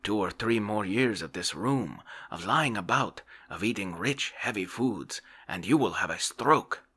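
A man voicing a brisk, jesting little doctor in a whispered role-play, matter-of-fact and decisive. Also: low-pitched, animated, sharp tone, heavily acted.

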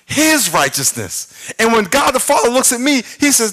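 A middle-aged man preaching a sermon as pastor, telling a story with shouted sound effects and playful, self-mocking humor. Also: very high-pitched, sing-song, moderate pace. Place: large church.

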